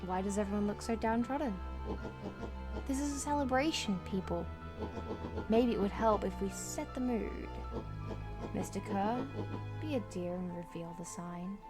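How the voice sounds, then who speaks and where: A woman's voice: medium pitch, music in the background, close to an everyday voice. An Australian woman voicing a pompous, cruel old male bird villain in a storybook game, speaking in a theatrical, sneering way. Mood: gloating. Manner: theatrical, sneering, slow and grand.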